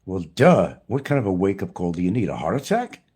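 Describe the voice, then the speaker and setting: A man's voice: sits low, big pitch swings, a little fast, darkish tone, breathy edge. A man delivering a blunt, profane, preachy rant as a YouTuber. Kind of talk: ranting monologue to camera.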